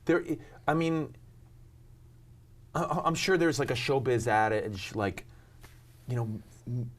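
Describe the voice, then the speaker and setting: A man's voice: medium pitch, unhurried. A middle-aged man from New York, chatting as an interview guest in a rambling, self-deprecating way with many ums and restarts. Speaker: actor and talk show host, guest. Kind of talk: casual interview chat.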